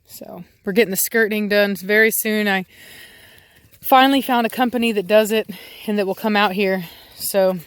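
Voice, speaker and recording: A woman's voice: mid-range voice, steady tone, normal speed, clear, resonant tone, dry recording. A chatty woman vlogging outdoors on her land, talking through her dogs' habits in a loose, rambling way. She breaks off now and then to snap commands at the pack, and dogs can be heard behind her. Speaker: dog breeder. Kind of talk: casual vlog talk outdoors with dogs. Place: outdoors on rural property.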